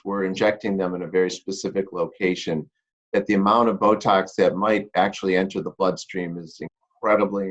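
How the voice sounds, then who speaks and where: A man doctor on a panel reassuring a questioner about treatment safety, repeating words for emphasis. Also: low-pitched. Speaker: physician. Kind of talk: panel answer. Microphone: video call. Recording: dull lo-fi video call audio.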